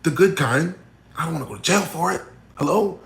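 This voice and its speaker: A man, a battle rapper, talking casually to camera and answering a fan's question. He is blunt, repeats himself and swings between loud emphatic points and muttered asides. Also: fairly high pitch, animated, fairly quick, gravelly. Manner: blunt, repeats himself, full of "you know what I'm saying" and "right?". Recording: echoey room.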